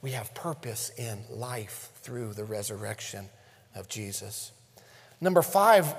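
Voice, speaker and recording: A man preaching a sermon, dropping to hushed tones and rising to loud emphasis. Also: mid-range voice, measured pace, slightly rough, long reverb tail. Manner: preaching with dramatic swings between hushed and loud. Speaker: pastor.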